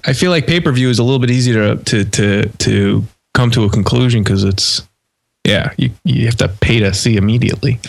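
A man's voice: medium pitch, a little fast, creaky. A man co-hosting a radio talk show, asking questions in a casual, curious way. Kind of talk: casual chat.

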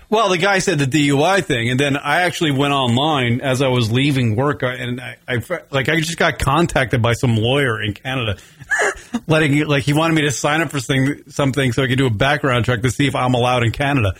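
A man co-hosting a show in casual chat, ranting and swearing with loud bursts. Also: mid-range voice, fairly quick. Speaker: podcast co-host.

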